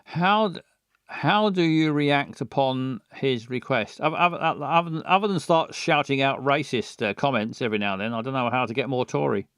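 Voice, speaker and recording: A man's voice: medium pitch, moderate pace, fairly bright tone, clear, resonant tone, no echo, clean studio sound. A man giving rambling, sweary commentary as he plays a story game and makes up voices for it. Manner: scattered, muttering, sweary asides. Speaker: game player. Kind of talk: let's play commentary.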